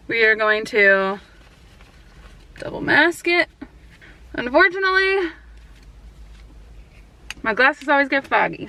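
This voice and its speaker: A woman's voice: on the high side, creaky, bright, forceful tone, slight background noise, rough recording. A young woman in her twenties, a law student vlogging in a chatty, rambling, upbeat way as she goes about her day. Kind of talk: casual vlog chat. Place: out and about, car and campus.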